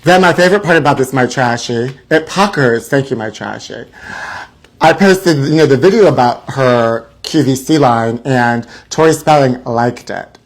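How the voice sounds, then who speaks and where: A man's voice: medium pitch, moderate pace, hardly any pauses. A man hosting a live celebrity gossip show, theatrical and mock-frightened, calling his viewers honey. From Los Angeles area.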